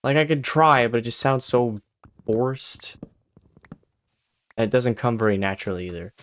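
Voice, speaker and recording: A man's voice: medium pitch, lively intonation, moderate pace, fairly bright tone, dry recording. A Swedish man with American-style English, Swedish his first language, chatting casually and rambling as he streams a game, swearing and laughing often. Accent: American-style English learned as a second language. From Sweden. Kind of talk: casual commentary while gaming.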